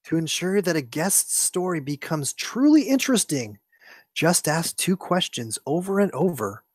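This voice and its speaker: A co-host reading out multiple-choice answers with jokey, drawn-out delivery. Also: medium pitch, sing-song, no room sound, clean studio sound. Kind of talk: jokey banter.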